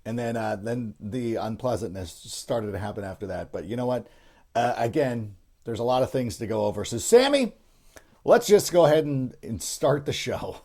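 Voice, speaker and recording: A man's voice: fairly low pitch, moderate pace, a little mellow. Rambling middle-aged male sports podcaster. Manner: rambling, frequent restarts and fillers. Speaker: podcast host. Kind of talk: casual solo sports podcast.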